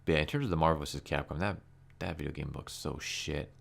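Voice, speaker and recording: A man's voice: a bass voice, quick pace, gravelly. A man reviewing a comic book in casual commentary, sarcastic and exasperated.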